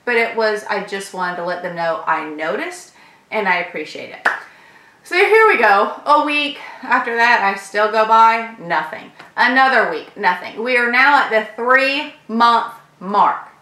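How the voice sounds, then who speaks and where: A woman with a bright, forceful voice, pitched a little high. She tells a sales story to camera, acting out every exchange with lively animation. The sound is roomy, with a clear echo. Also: unhurried. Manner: animated, acts out both sides of conversations. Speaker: sales professional.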